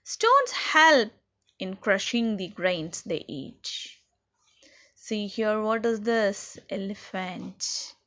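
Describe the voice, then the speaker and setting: A woman's voice: mid-range voice, big pitch swings, extremely slow, a bit bright. A woman teacher giving a recorded class lesson to young children. She asks them questions and then answers them herself. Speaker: schoolteacher. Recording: dull lo-fi recording.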